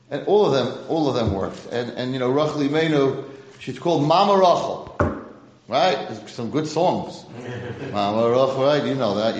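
A man's voice: mid-range voice, roomy sound, a little hiss or hum, low-quality recording. A man teaching a religious lesson to a class, posing rhetorical questions and mixing in Hebrew terms. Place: room with a class present.

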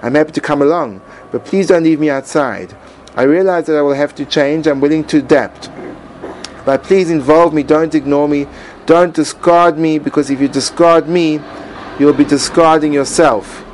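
A man's voice: fairly high pitch, moderate pace, a little mellow, slight background noise, natural voice. A man voicing his own suppressed inner self, impassioned and demanding to be heard. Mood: pleading. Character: man's suppressed inner self, angry and pleading.

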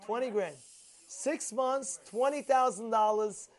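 Male rabbi, Torah class storyteller; animated, plays out the dialogue, repeats himself, mixes in Hebrew and Yiddish terms. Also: extremely high pitch, unhurried. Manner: animated, acts out quoted dialogue, repeats phrases; sprinkles Hebrew and Yiddish words.

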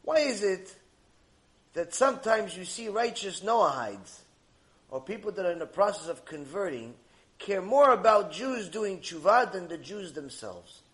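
A middle-aged man with a notably high voice delivers a mussar lecture. He rebukes his listeners with animated energy and slips into mocking bits of dialogue to make his point. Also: measured pace. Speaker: Torah teacher.

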